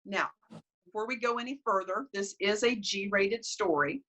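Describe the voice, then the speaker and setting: A woman storyteller telling family tales and folk tales in an expressive, animated way. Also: medium pitch, normal speed. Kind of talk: storytelling performance.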